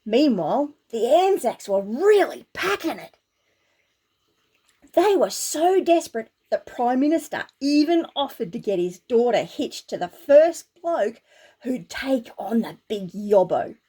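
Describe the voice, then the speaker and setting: A woman with an Australian accent telling a comic story, full of slang. Her voice is a bit high and swings widely, and she reads slowly and deliberately. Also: slightly rough. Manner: animated, slangy. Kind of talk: humorous story reading.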